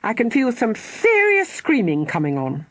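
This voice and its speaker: A woman's voice: on the high side, wildly swooping pitch, normal speed, a bit bright, no echo, voice pushed up, full character voice. A woman doing a bossy, spirited young girl. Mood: urgent. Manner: exclamatory, fussing and coaxing. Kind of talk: audiobook character voice.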